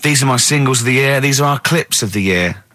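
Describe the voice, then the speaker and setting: A man's voice: mid-range voice, quick pace, sharp tone, dry recording. A man hosting a casual radio chat, laughing often and hesitating when he explains something. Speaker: radio host. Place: radio studio.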